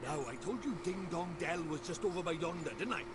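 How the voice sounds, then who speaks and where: A man's voice: fairly high pitch, fairly quick, a loud crowd, lightly acted. An actor voicing a cheeky, chatty little male fairy sidekick with a Welsh accent, in video game dialogue, bossy and sing-song. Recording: game audio with loud background noise.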